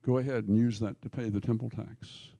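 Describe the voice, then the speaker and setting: A man preaching a sermon, voicing Jesus as a calm male teacher giving slow, raised instructions. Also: lowish voice, vocal fry, no room sound. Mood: instructing.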